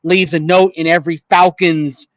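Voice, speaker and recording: A man co-hosting a sports radio show, explaining calmly and at length. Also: on the high side, moderate pace, no echo, highs cut off. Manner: calm, explanatory, with fillers and restarts. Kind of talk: measured sports talk analysis.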